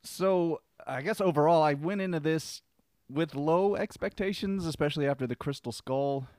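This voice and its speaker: A man's voice: a little high, moderate pace, darkish tone, no echo. A man reviewing a film on a casual podcast, with a wry, joking manner and frequent chuckles.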